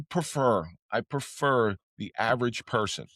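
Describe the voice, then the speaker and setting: A man who used to be a police officer, a podcast guest telling stories in casual talk. He speaks candidly, swears freely, and his voice jumps up when he gets excited. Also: medium pitch, a little slow, no echo, studio quality. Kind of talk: casual storytelling.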